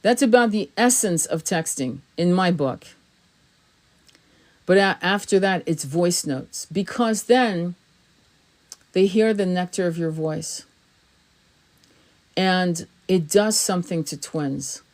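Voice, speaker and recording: A middle-aged woman with a somewhat low voice gives a tarot reading to camera. She talks in a casual, blunt way, swearing freely, leaning hard on her points and laughing now and then. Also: takes it slowly, pauses often, a little mellow. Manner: blunt and profane, emphatic, laughs often. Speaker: tarot reader.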